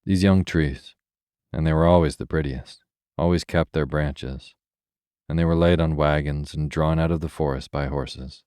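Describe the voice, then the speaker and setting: Very deep, mellow male bedtime storyteller. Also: steady tone, moderate pace, smooth, no echo, clean studio sound. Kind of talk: scripted bedtime story narration.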